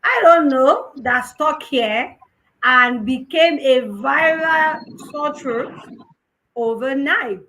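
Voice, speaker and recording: A woman's voice: sits high, takes it slowly, bright, forceful tone, low-quality recording. A young Nigerian woman hosting a live conference talk, telling a personal story with laughs and Yoruba phrases mixed in. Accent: Nigerian, Yoruba-influenced. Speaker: host.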